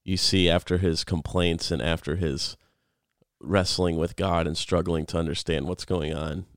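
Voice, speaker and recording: A deep, resonant, clear male voice with a steady tone and moderate pace, recorded dry in a clean studio. He co-hosts a podcast, working through a Bible passage earnestly and reflectively in casual conversation.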